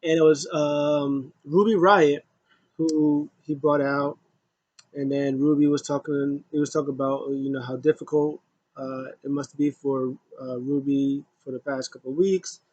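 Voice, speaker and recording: A man's voice: fairly high pitch, level tone, a little slow, darkish tone, dry recording, muffled recording. Rambling man recapping wrestling, dry sound. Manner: rambling, loose retelling full of asides. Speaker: wrestling show reviewer. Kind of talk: casual recap.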